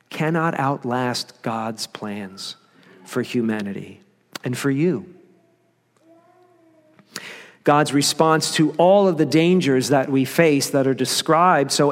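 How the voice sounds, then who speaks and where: Male pastor preaching a sermon, slightly high voice, emphatic, dropping low for key lines, long hall reverb.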